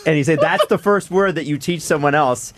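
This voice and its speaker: A man co-hosting a podcast in casual chat, animated and laughing often, his voice swooping up for emphasis. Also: on the high side, brisk, background noise. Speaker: podcast co-host.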